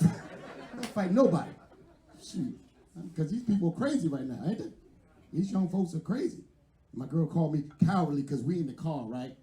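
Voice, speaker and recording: Brash Philadelphia comic in echoey room. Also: male voice, on the high side, dark tone. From West Philadelphia. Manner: loose, brash, profane storytelling with crowd work. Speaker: stand-up comedian. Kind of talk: stand-up comedy set. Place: live comedy venue.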